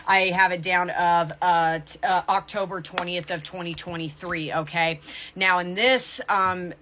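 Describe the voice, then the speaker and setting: A young adult woman who reads tarot chats to the camera in a spiritual vlog, often checking in with "okay?" Her lowish voice is unhurried and sharp-toned with fairly even intonation, and a little hiss or hum runs underneath.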